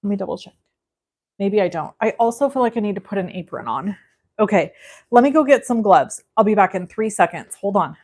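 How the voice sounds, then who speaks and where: A woman's voice: mid-range voice, lively intonation, brisk, a little mellow. A woman in her forties hosting a live card-making demonstration, chatting directly to her viewers as she works.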